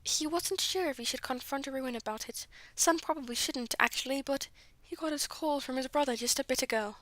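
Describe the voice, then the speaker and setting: A woman's voice: high-pitched, fairly quick, a bit bright, dry recording. A woman streamer reading her friends' old fan fiction aloud, often breaking off to laugh, apologize and comment. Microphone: streaming mic. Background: music playing.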